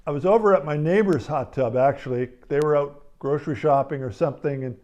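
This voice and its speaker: A man hosting a comedy show from home, with a slightly higher voice. He rambles in a halting, deadpan way, full of hesitations. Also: highs cut off.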